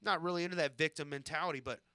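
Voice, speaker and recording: Bright-voiced man telling rambling profane stories. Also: fairly high pitch, very fast, clean tone, dry recording. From Southern California. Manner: rambling, profane, self-deprecating storytelling. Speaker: live streamer. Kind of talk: casual storytelling on a live stream.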